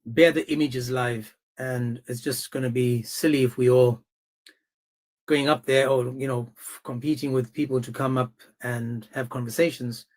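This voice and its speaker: A man hosting a debate livestream, talking in a brisk, informal way and cutting in to steer the chat. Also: mid-range voice, steady tone, low-quality recording. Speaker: livestream host. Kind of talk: casual debate-stream hosting.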